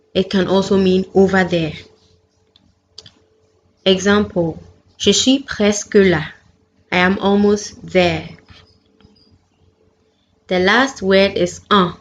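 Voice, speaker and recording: A woman teaching a beginners' French lesson, reading out each example clearly and carefully. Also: mid-range voice, steady tone, takes it slowly, pauses often. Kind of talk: slow, deliberate lesson narration. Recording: dull lo-fi sound with faint background noise.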